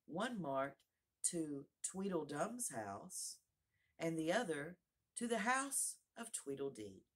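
Female audiobook narrator, husky tone, calm and even. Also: deep voice. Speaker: audiobook reader. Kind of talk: storybook read-aloud.

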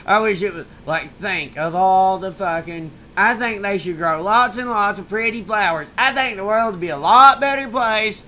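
A tired, burnt-out man rambling and swearing in a late-night vlog on a webcam mic, drifting from loud outbursts to mumbles. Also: high-pitched, a little hiss or hum. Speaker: vlogger.

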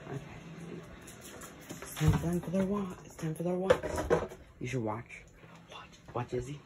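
A woman's voice: low voice, lively intonation, normal speed, heavy background noise. A woman vlogging casually, chatting and coaxing her dogs at home and then out on a walk. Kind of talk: casual vlog chat.

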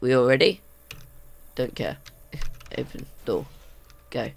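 Man, gaming commentary, gravelly fry, jumpy and self-mocking, desk condenser mic. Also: medium pitch, takes it slowly. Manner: excitable, panicky, self-mocking. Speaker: gaming video host. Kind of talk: let's play commentary.

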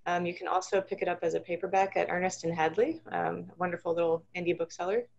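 A woman author reading her own fantasy novel aloud in a steady narrating voice. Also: lowish voice, quick pace, gravelly, lo-fi sound.

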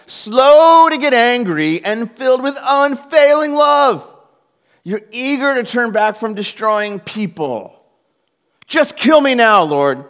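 A man voicing Jonah as a bitter, complaining male prophet who whines loudly and sarcastically to God. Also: fairly high pitch. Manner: whiny, complaining, exasperated. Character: sulky, indignant prophet Jonah, adult man.

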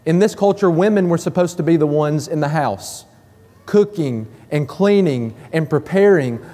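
A male pastor preaching a sermon, his fairly high voice mellow rather than bright. He drives his points home by repeating key phrases, and each one trails off in the long reverb of a church hall.

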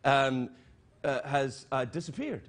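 Scottish man, talk show host, joking, animated voice. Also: medium pitch, slow pace, heavy background noise. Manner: joking, teasing interviewer. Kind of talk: late-night talk show chat.

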